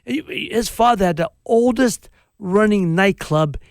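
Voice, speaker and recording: A man's voice: high voice, a little slow, clear, resonant tone, no room sound, clean studio sound. A middle-aged man hosting a casual interview chat, rambling and repeating himself with eager interjections. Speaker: host.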